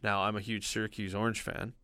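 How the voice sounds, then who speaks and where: A man's voice: on the low side, level tone, quick pace, pushed and bright, smooth, no room sound, clean studio sound. A man in casual chat, talkative and laughing easily, rambling about college basketball. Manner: chatty, laughs often, sports fan enthusiasm.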